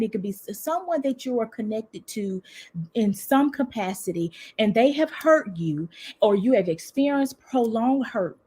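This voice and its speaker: A woman from Mississippi with a Southern US accent, a relationship coach talking fast and excitedly on a livestream from home. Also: on the high side, slightly rough. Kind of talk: livestream talk. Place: home room with a heater running.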